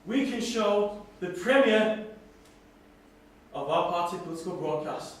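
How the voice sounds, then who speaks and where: Performing on stage before a hall audience, a comedian with a high, expressive voice plays a brash, bigoted nationalist party boss at a measured pace. He bosses volunteers about and swears crudely, his voice distant and echoing through the hall.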